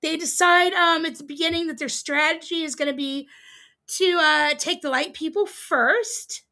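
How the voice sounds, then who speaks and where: A woman's voice: sits high, normal speed, bright, forceful tone. A woman hosting a livestream, casually recapping a reality show episode, chatty and amused with frequent ums and laughs. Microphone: streaming setup, close mic.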